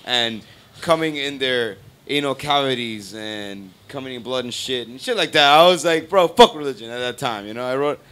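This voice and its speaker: A man who plays in a band chats casually as a guest on a live stream show. He rambles and swears freely, with lots of "you know" and "like". His pitch sits at an average level. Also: normal speed, pushed and bright, smooth. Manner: rambling, profane, filler-heavy. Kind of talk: casual profane chat.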